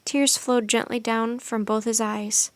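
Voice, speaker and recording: A woman's voice: on the high side, little pitch movement, a little slow, no room sound, studio quality. Woman reading a storybook aloud.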